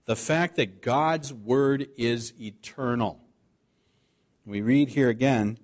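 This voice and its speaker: A man preaching a sermon, reading scripture aloud and slowing down to stress the key words. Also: mid-range voice. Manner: earnest preaching, slows to stress scripture quotes. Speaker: pastor.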